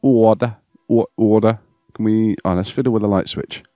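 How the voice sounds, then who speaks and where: A man's voice: lowish voice, steady tone, normal speed, dark tone, no echo, clean studio sound, faint music behind. A man hosting a let's play, chatting playfully and thinking aloud as he goes. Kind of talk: casual gameplay commentary.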